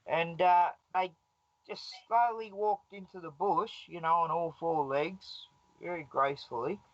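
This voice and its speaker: A man's voice: on the high side, measured pace, dry recording, muffled recording. A man with an Australian accent, a guest telling a rambling, laughing story over a video call. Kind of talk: casual storytelling on a live stream call.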